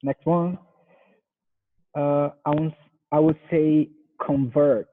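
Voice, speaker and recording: A man's voice: on the high side, level tone, slow pace. A Brazilian man who speaks Portuguese natively, with a Brazilian accent, practicing English pronunciation carefully, repeating words and asking if they are right. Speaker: software engineer learning English. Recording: tinny phone-like video call.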